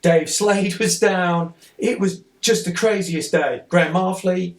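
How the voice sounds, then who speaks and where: A man, a podcast guest, telling an excited, rambling story in casual conversation, sitting some way off the mic. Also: high-pitched, a little slow.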